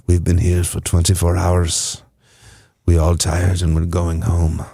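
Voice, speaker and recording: A man's voice: low-pitched, monotone, slow, vocal fry, dark tone, husky, no room sound. Jokey man co-hosting a podcast, dry close mic. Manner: rambling, self-mocking, jokey. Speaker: podcast co-host. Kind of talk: casual chat.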